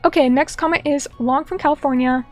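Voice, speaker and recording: A woman's voice: sits high, fairly even intonation, fairly quick, darkish tone, faint music behind. A woman streamer chatting casually at home and reading viewer comments aloud, playful and teasing, sometimes mock-indignant. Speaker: VTuber streamer.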